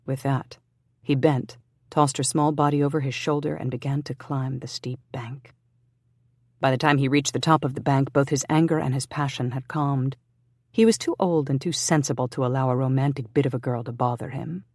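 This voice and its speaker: An audiobook narrator reading a historical romance in an even, measured way. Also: mid-range voice, dry recording, studio quality.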